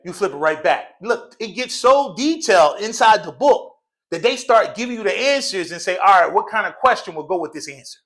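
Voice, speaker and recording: A man's voice: sits high, expressive, fairly quick, fairly bright tone. A man teaching an Arabic class in a mosque classroom, drilling students in call and response, joking and laughing often in slangy casual speech.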